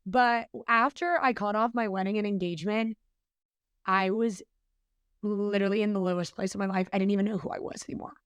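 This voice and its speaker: Podcast guest: young woman, earnest and chatty, quick, dry close sound. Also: medium pitch, fairly even intonation, clear, resonant tone, no echo. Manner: chatty, earnest, fast with many fillers. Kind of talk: casual podcast interview.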